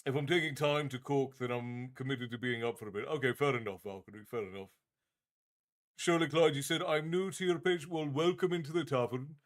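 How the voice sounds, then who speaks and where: A man's voice: mid-range voice, a little fast. A man hosting a livestream in a tavern-keeper persona, chatting casually and reading out viewer comments in a friendly, easygoing way with frequent restarts.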